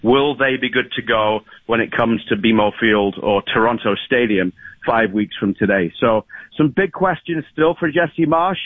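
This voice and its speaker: A man's voice: mid-range voice, normal speed, dry recording. A man giving soccer analysis as a guest on a phone call. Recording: phone-line audio.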